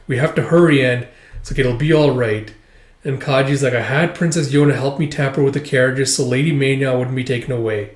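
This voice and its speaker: A man's voice: mid-range voice, fairly even intonation, brisk, reverberant. A man recapping a manga volume in a rambling, casual way, full of fillers. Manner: rambling, filler-heavy retelling. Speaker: manga reviewer.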